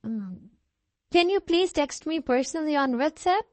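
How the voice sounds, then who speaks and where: A woman's voice: high-pitched, lively intonation, moderate pace, no echo. A woman teaching an online English class who switches between English and Hindi-Urdu and reassures her students often. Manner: reassuring, repeats okay.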